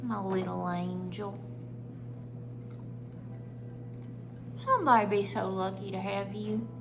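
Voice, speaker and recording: A woman's voice: medium pitch, moderate pace, close to an everyday voice. A woman voicing a worried, affectionate older father who fusses over his sick daughter, on a noisy recording. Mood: tender. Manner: fussing, affectionate, sentimental. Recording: noisy background.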